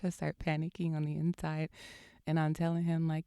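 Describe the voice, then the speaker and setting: Low, gravelly woman telling a laughing story. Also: little pitch movement, normal speed, warm tone, no room sound, studio quality. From California. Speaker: podcast host. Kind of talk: casual storytelling.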